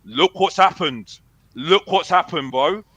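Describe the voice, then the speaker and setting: A man's voice: a little high, animated, a little slow, bright, forceful tone, no room sound, rough recording. A young man, calling into a football fan show, ranting defiantly and repeating himself, dropping "bruv" a lot. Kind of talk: heated fan rant.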